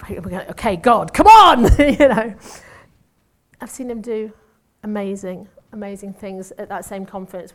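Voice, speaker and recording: A woman, a former nurse sharing a testimony sermon in a chatty, self-mocking way with asides. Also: medium pitch. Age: 50s. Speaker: church speaker and former nurse.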